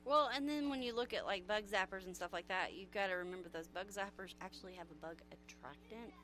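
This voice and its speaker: A woman's voice: mid-range voice, quick pace, a bit bright, a little hiss or hum. A woman guest on a radio talk show, chatting and giving practical tips. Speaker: agriculture extension guest.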